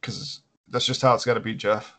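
A man's voice: fairly low pitch, flat delivery, normal speed, a bit bright. Profane, sarcastic young podcast co-host man. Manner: profane, sarcastic, laughs often. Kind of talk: casual crude podcast banter.

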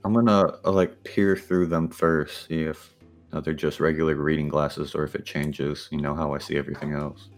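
A man's voice: rumbling low, level tone, normal speed, soft background music. A man playing a tabletop game, answering briefly and laid-back. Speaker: player.

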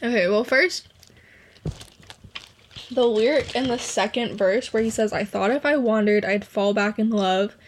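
A woman's voice: medium pitch, unhurried, pauses often, slight background noise. A young woman casually chatting about songs she loves, gushing and emotional, with lots of "like". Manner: gushing, emotional, heavy use of "like". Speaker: podcast host. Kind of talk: casual music review chat.

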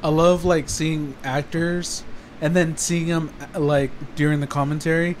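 A man's voice: a little high, flat delivery, measured pace, a little hiss or hum. Laid-back man reacting in casual chat. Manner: short reactions, laughs.

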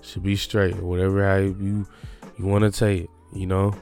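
A young man making a personal confession in a halting, reflective way, often restarting his sentences. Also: sits low, completely flat delivery, darkish tone, soft background music.

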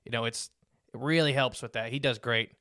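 A man's voice: medium pitch, steady tone, fairly quick, pushed and bright, no room sound, studio quality. A man hosting a podcast, chatting casually and enthusiastically with his guest. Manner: enthusiastic, upbeat. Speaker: podcast host. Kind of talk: casual interview chat.

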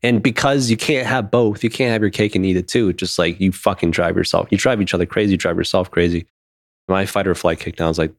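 A fast-talking man in his thirties with a deep voice and vocal fry co-hosts a podcast. His casual chat is open and emotional, with occasional swearing. The studio-quality audio has no echo.

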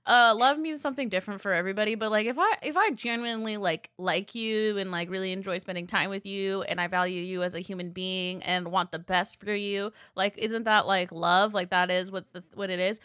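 A young woman chatting casually in a relaxed, frank way, swearing now and then. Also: medium pitch, brisk, hardly any pauses, clear, resonant tone, no echo, clean studio sound. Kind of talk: casual chat.

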